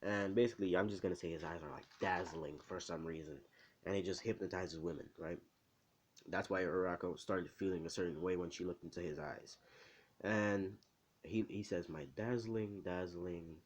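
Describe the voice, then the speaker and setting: A man casually retelling a fan-made story in a rambling, animated way. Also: low voice, normal speed, slight background noise.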